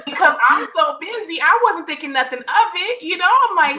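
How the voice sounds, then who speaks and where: A woman's voice: a little fast, hardly any pauses. A woman telling a personal story in casual conversation, acting out quoted lines. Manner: animated storyteller, acts out quotes in higher pitch. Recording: distant mic, dull lo-fi sound.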